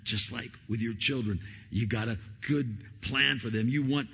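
A middle-aged man preaches a sermon with a gravelly, husky edge to his voice. He climbs to loud emphatic peaks and then drops into hushed whispers. The recording sounds a little dull and lo-fi. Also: medium pitch, unhurried. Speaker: pastor.

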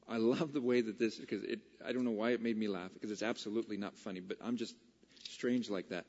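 A man preaching a casual, conversational Bible study sermon that builds to excited, emphatic peaks. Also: lowish voice, brisk, in a large hall, dull audio.

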